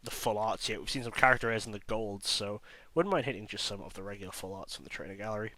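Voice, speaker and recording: A man with a low, hoarse voice, audibly sick, talks his way through a stack of card packs. His tone stays bright and edgy despite the illness, and he names each card in a loose, chatty commentary. He keeps joking about how rough his own voice sounds. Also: fast. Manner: chatty, self-mocking, listing cards as he goes. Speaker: card-opening channel host. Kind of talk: casual pack-opening commentary.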